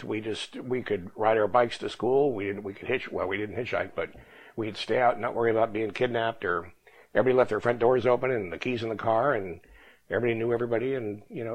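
A man's voice: lowish voice, poor audio. A man in his seventies from Northern California, reminiscing in a rambling oral history interview. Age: 70s. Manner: fast, rambling reminiscing with restarts.

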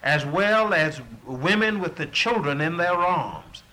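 Bright-voiced man, earnest and preacherly. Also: on the high side, expressive, slow, poor audio. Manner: earnest, preacherly, repeats words when building a point. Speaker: interviewee. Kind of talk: impassioned recollection.

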